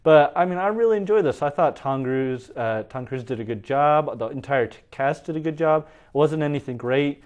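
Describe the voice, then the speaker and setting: A man's voice: on the high side, normal speed, hardly any pauses. A man co-hosting a casual movie review talk, chatty and easygoing. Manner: relaxed, chatty, with frequent restarts and hedges.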